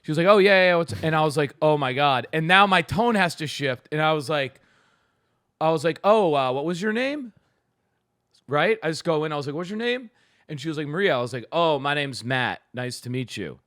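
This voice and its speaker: A man spins a story on a comedy podcast, acting out his own lines with an animated, laughing delivery. His voice is bright and forceful, sitting a little high. The sound is close and dry. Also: a little fast, no room sound. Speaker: podcast co-host.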